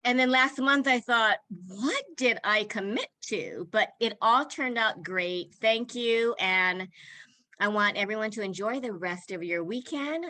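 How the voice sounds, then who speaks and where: A woman hosts an online summit in a bright, clear voice. She talks in a chatty, rambling way, laughing often and getting a little emotional. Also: on the high side, measured pace, poor audio. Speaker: summit host. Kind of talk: casual online video chat.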